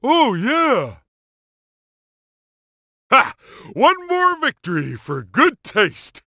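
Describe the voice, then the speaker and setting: An actor playing a dim, cheerful cartoon starfish who plays at being a superhero, with a goofy, childlike and emphatic way of talking. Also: male voice, very high voice, wildly swooping pitch, extremely slow, creaky, bright, forceful tone, dry recording, clean studio sound, full character voice. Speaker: video game character. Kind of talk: cartoon game voice clips.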